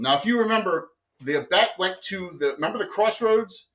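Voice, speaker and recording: A man with a fairly high voice runs a tabletop game for his players, rambling through his setup. He trails off, restarts sentences, and fills gaps with "uh" and "you know" as he lays out the scene. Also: lively intonation, moderate pace, a bit bright. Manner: rambling, with many fillers and self-corrections. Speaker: game master. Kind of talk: running a live tabletop game.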